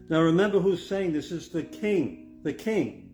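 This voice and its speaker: An older pastor preaches a sermon in a slightly high, animated voice at a measured pace, earnest and reflective as he builds to emphatic stress. Guitar music plays behind him.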